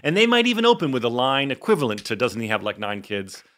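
A man in his forties co-hosting a podcast, telling stories in a rambling, animated way with lots of filler words. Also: medium pitch, fast. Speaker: podcast co-host. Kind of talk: casual rewatch podcast chat.

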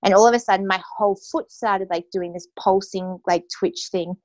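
A woman's voice: mid-range voice, steady tone, moderate pace, a little mellow, no room sound. A young adult woman telling a personal story as an interview guest, casual and full of "like" and "you know". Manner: casual, heavy use of "like" and "you know" fillers.

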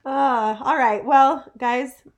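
A woman's voice: sits high, fairly even intonation, takes it slowly, muffled recording. A woman co-hosting a casual podcast, laughing often and chiming in agreeably. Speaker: podcast co-host. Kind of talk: casual chat.

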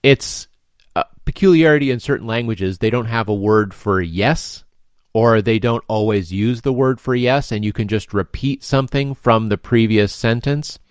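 Male co-host, lower voice, easy conversational Bible talk, dry sound. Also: moderate pace, smooth, no room sound. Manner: conversational, thinking aloud with fillers. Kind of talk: Bible study discussion.

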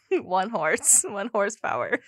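A playful woman co-hosting a podcast, quick to laugh and tossing in jokey asides. She speaks slowly, but her pitch swings widely. The sound is dry and close. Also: lively intonation, no echo. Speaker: podcast co-host. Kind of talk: casual chat.

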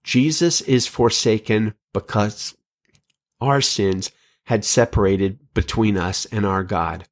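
A man preaching a sermon, reading scripture and quotations in an earnest, measured way with emphatic phrasing. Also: lowish voice.

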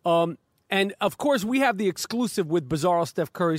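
A man's voice: high-pitched, expressive, a little fast, dry recording, studio quality. A man hosting a comedic sports podcast, stammering and repeating words as he talks. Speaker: podcast host.

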